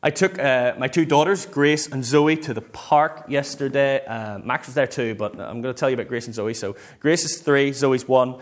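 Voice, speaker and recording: A man, a pastor preaching a sermon in a lively, conversational way. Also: medium pitch, moderate pace, few pauses.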